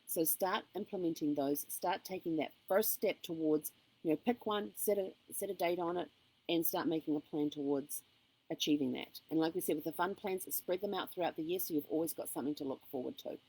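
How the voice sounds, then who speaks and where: She talks briskly in a low, dark, husky voice, giving a casual, upbeat motivational vlog to camera peppered with ums. The audio is poor.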